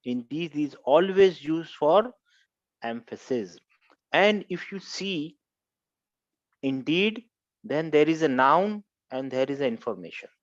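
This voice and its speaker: A man with a slightly high voice teaches a grammar class, going over each rule again and again and putting questions to his students. The recording is dull and lo-fi, with almost no room sound. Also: animated, takes it slowly, dry recording. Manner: repetitive, quizzing students, explains step by step. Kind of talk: classroom lecture.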